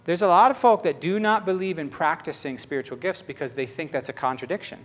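Male pastor, sermon delivery, storytelling, playful quoted voices, a little high-pitched. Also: quick pace. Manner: storytelling, acts out quoted voices, shifts from loud to hushed.

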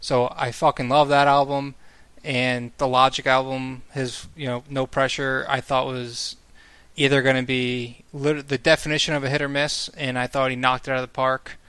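A man's voice: medium pitch, little pitch movement, moderate pace, pushed and bright, smooth, no room sound. A man chatting casually as a podcast co-host, rambling and swearing freely as he laughs at his own stories. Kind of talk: casual chat.

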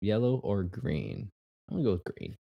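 Low-voiced young man chatting casually. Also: very animated, normal speed, gravelly, no room sound, dull audio. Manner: rambling, restarts, laughs often. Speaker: podcast co-host. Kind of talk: casual chat.

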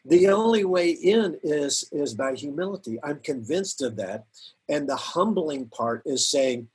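A middle-aged man speaking as a guest pastor in an earnest, reflective faith conversation, often laughing softly and repeating words. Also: fairly high pitch, lively intonation, a little slow, breathy edge.

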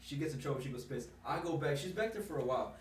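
A man's voice: medium pitch, animated, fast, distant mic, noisy background. Young man swearing, telling stories, in an echoey room. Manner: rambling, slangy, swears a lot. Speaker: storyteller in a chat. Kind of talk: casual chat. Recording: echoey room, away from mic.

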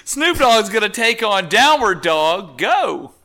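A man's voice: sits high, sing-song, slow, bright, forceful tone. A man hosting a casual comedy podcast, playful and laughing often as he runs a vote. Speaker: podcast host running a bracket vote.

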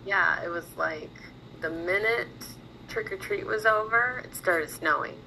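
A woman's voice: mid-range voice, a little slow, vocal fry, pushed and bright, slight background noise, low-quality recording. A woman from Ohio co-hosting a podcast, chatting casually in an easygoing, agreeable way. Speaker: podcast co-host.

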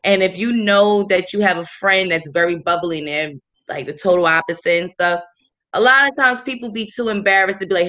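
A woman's voice: on the low side, normal speed, fairly bright tone. A woman co-hosting a podcast, sharing serious, caring advice in a casual way. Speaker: podcast co-host. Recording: slightly dull lo-fi sound.

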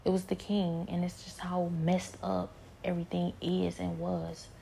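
A woman with a gravelly voice giving a hushed, rambling personal spiritual testimony, often dropping to a whisper. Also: lowish voice, completely flat delivery, unhurried, a little hiss or hum.

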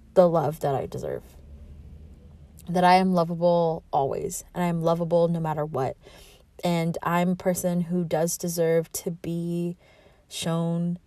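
A woman in her twenties hosts a solo podcast, rambling candidly and from the heart about herself and her feelings, reflecting on herself and laughing at times. Her voice is fairly low-pitched with a darkish tone, recorded dry.

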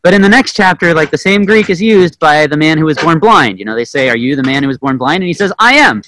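A man teaching a Bible lesson through a personal story, animated and self-mocking with plenty of fillers. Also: a little high, fast talker, a little hiss or hum, rough recording. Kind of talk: storytelling sermon.

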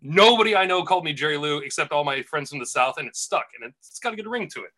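A man's voice: a little high, animated, quick pace, bright, forceful tone. A man casually telling a rambling golf caddy story on a podcast, full of restarts and asides.

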